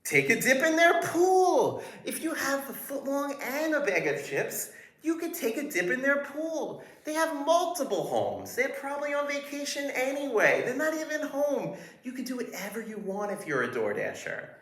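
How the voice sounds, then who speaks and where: A man voicing an overeager, fawning male security guard in a high, drawn-out, laughing voice, recorded in a roomy space. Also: wildly swooping pitch, fairly bright tone, exaggerated voice. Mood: giddy fawning. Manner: squealing, drawn-out, laughing through words. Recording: roomy echo.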